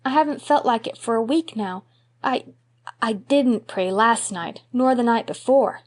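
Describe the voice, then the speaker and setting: A woman's voice: fairly high pitch, unhurried. A woman reading an audiobook, voicing an eager, mischievous little boy in a raised, childlike voice. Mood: pleading. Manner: excitable, pleading, childlike.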